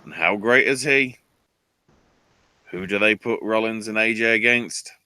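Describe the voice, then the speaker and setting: A man hosting a casual podcast chat, his delivery sarcastic and exasperated as he recaps. His voice is bright and forceful, a touch low, and sits close and dry on the mic with no room around it. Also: unhurried, clean tone, no echo. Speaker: podcast host.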